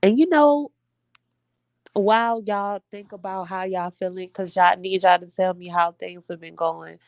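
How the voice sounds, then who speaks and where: A woman's voice: mid-range voice, steady tone, measured pace, a little mellow, dry recording, lo-fi sound. A young woman venting to her viewers in a casual, emphatic heart-to-heart, addressing them as y'all. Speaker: vlogger.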